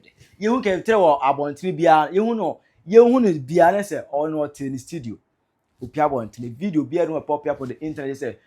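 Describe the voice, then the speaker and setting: Animated Ghanaian woman commentator. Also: low-pitched. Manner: excitable, teasing, reads out viewer comments. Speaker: online commentator.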